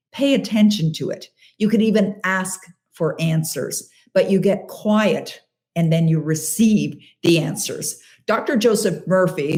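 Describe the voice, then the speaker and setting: A middle-aged Canadian woman with a lowish, darkish voice hosts a live question-and-answer show. She coaches her listeners emphatically and encouragingly, repeating key phrases for stress.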